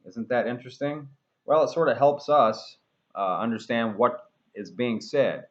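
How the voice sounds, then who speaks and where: A man leads an English pronunciation lesson, drawing words out slowly and carefully so learners can repeat after him. His voice swoops up and down with lively expression, and he drops in playful asides. The sound is dull and a little lo-fi. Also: mid-range voice. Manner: slow, careful modeling of words for repetition. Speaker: English teacher.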